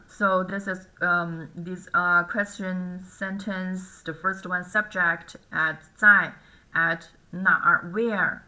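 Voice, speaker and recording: Slow, bright-voiced woman teaching grammar. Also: on the low side, poor audio. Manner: explains slowly, repeats example sentences, self-corrects. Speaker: Chinese teacher. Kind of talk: grammar lesson.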